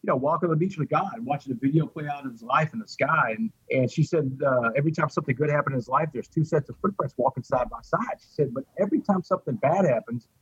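Fast-talking husky man, earnest. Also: medium pitch, a bit bright, no echo, dull audio. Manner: heartfelt, repeats words, addresses the host by name. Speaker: guest telling his recovery story. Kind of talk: earnest interview storytelling.

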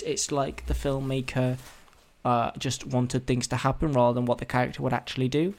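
A man hosting his own podcast talks through ideas off the cuff. He rambles, trips over his words and pokes fun at himself. His voice sits in an ordinary middle pitch. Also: fairly even intonation, fairly quick. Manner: rambling, self-deprecating, thinks aloud with many restarts. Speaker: podcast host. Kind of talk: solo casual podcast brainstorming.

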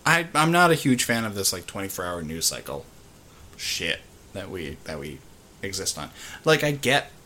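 A man's voice: low voice, sing-song, moderate pace, pushed and bright. A young man co-hosting a podcast in casual chat, blunt and casually profane, with hesitant restarts. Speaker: podcast co-host.

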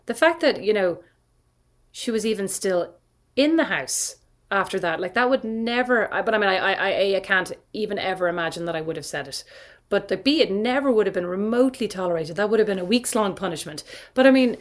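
A young adult woman on a podcast, telling stories about her family with plenty of laughter. She speaks at an ordinary pitch and keeps the tone of relaxed, casual chat. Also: a little fast. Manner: animated storytelling with frequent laughter. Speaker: podcast guest.

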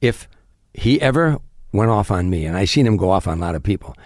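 Older guy rattling off showbiz stories real quick, low voice, lots of "and, and" restarts, dry close mic. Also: dry recording. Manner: animated, rapid anecdotes with frequent restarts. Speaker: comedian guest. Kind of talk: storytelling in an interview.

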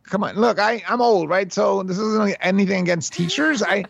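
A man in his fifties from New York City, telling stories as a guest in a casual interview, animated and restarting his sentences with repeated words. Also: sits high, normal speed, creaky. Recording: dull lo-fi recording.

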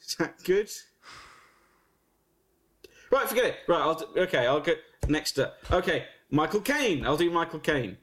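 A high-pitched man chatting in a comedy podcast, his voice leaping around constantly. He is loud and silly, swearing and laughing as he tries out celebrity impressions. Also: big pitch swings, normal speed, long pauses, breathy edge. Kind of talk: casual comedy chat, trading celebrity impressions.

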